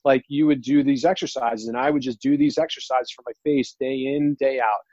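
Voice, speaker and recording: A man earnestly telling a personal story, near tears, halting and restarting often. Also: medium pitch, steady tone, darkish tone, no room sound, muffled recording. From New Jersey. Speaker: guest.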